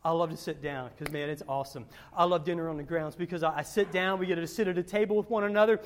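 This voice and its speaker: A male pastor with a slightly high voice and a steady tone talks fast as he preaches a sermon. He tells personal stories in a rambling way, repeating words and swinging from loud to hushed.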